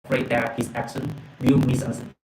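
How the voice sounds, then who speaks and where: A man retelling a story from a book and reading a message aloud, halting and repeating words, often filling with okay and yeah. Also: mid-range voice, level tone, darkish tone, reverberant, low-quality recording. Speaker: presenter retelling a book's story.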